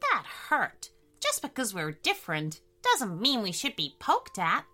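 A touchy magical toadstool mushroom from a children's storybook, as a woman puts it on. The voice is bright and lively and the words come slowly. It is indignant but keen to grant wishes. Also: on the high side, full character voice. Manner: indignant then generous, a storybook voice.

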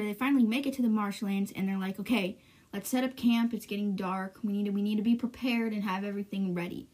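Woman podcast host, casual book recap, filler-heavy and conversational, average pitch. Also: a little mellow. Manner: chatty, filler-heavy, lots of "like" and "you know".

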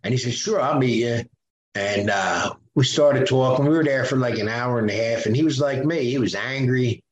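A man's voice: medium pitch, moderate pace. Older man, roomy sound. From Philadelphia, USA. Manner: animated, acts out quoted voices, frequent fillers. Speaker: podcast guest. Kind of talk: conversational storytelling.

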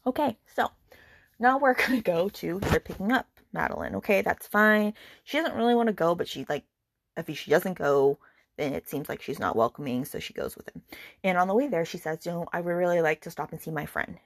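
Her lowish voice moves briskly as she hosts a book podcast, retelling a story in an exasperated, casual rant. She swears and leans heavily on fillers such as "like" and "okay."

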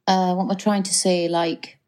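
Chatty Geordie woman, lowish voice. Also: little pitch movement, moderate pace, darkish tone. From North East England. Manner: chatty, frequent fillers and restarts. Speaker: actress guest. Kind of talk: casual chat.

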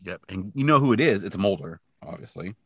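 Gravelly low-voiced man, dry and close. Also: lively intonation, a little fast, no room sound. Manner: dry, joking asides. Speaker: podcast co-host. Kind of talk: casual recap chat.

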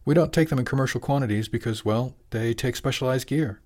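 A man's voice: mid-range voice, a little fast, darkish tone, pitched above the performer's own voice, natural voice. A man playing a clever young explainer. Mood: explaining.

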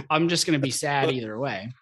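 A man co-hosting a podcast in casual chat, cracking quick jokes, laughing and trailing off mid-sentence. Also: mid-range voice, expressive, a bit bright, breathy edge. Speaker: podcast co-host.

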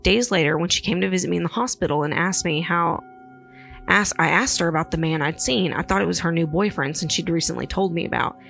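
A woman with a very low, gravelly voice retells eerie stories in a loose, rambling way. She fills her speech with "like" and "um" as she goes. Faint music plays under her. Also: fast talker, fairly bright tone. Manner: rambling, filler-heavy retelling. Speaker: podcast co-host. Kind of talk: casual chat, storytelling.

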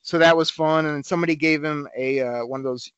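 A man co-hosting a podcast, telling a story in a casual, animated way and acting out the quotes. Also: fairly high pitch, a little fast, smooth, no echo, highs cut off. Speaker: podcast co-host.

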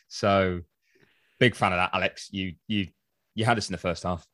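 A man's voice: deep voice, steady tone, normal speed, sharp tone, dry recording, clean studio sound. A man co-hosting a podcast in casual chat, reading out listener reviews with wry asides. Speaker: podcast co-host.

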